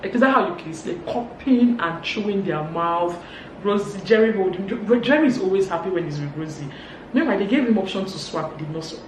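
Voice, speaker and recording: A woman with a Nigerian accent giving a casual gossip recap, animated and acting out quotes. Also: fairly quick. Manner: animated, acts out quotes in higher voices. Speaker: vlogger. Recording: roomy, distant mic, faint hum.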